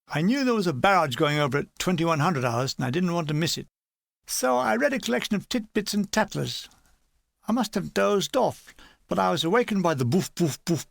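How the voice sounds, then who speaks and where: An older man reads his own memoir in a gravelly, slightly raised voice. His delivery is dry and wry, plain and matter-of-fact. The recording is close and dead, with no room sound. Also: on the high side, fairly bright tone, no echo. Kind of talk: audiobook memoir reading.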